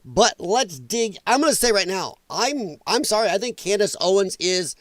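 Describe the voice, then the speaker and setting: Man, livestream host, high strained voice, blunt, swearing, dry close sound. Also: animated, normal speed, few pauses, a bit bright, no room sound. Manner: blunt, opinionated, swears freely. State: strained, damaged voice from breathing trouble. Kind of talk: casual reaction livestream.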